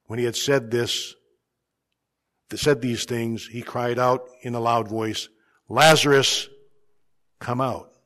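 A man who is a pastor, reading scripture aloud in a church in a measured, solemn way and then speaking gently and playfully to children. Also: mid-range voice.

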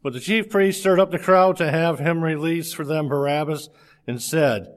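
A man reading a scripture passage aloud in a steady, measured way, with a few slips. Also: fairly high pitch.

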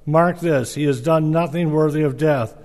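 A man's voice: a little high, normal speed, darkish tone, natural voice. Guy reading a worried roman governor, earnest, lots of hall echo. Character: male Roman governor, uneasy and pleading. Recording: reverberant hall.

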